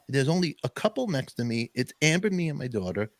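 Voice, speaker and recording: A man with a medium-pitched voice talks fast, barely pausing, as he hosts a podcast and spins a long, casual story. He's an animated storyteller who acts out other people's voices whenever he quotes them.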